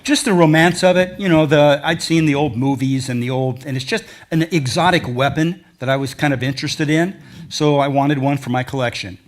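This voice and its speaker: This older adventure travel speaker has a voice on the high side and a brisk delivery. Addressing an audience in a lecture hall, he rambles through folksy accounts of his travels.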